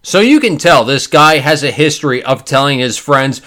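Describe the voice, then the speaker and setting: A man hosting a podcast, giving sarcastic, animated commentary with quick character bits. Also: on the high side. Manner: sarcastic, animated, does voices. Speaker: podcast host. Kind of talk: casual commentary.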